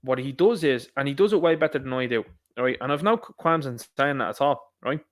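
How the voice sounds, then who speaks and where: A young Irish man hosting a solo podcast, talking in a rambling, emphatic way with quick asides. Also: medium pitch, a bit bright. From Ireland. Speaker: podcast host. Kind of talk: solo commentary monologue.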